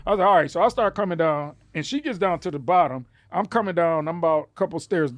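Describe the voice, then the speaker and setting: Animated storytelling man, dry close sound. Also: quick pace, no room sound. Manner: animated, acts out quotes with rising pitch. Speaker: podcast guest telling a story. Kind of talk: casual storytelling.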